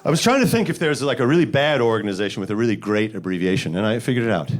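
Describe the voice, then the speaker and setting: A man from the Bronx, performing a stand-up comedy set with deadpan setups and sudden loud punchlines. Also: lowish voice, rapid-fire. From the Bronx, New York. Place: comedy stage with live audience.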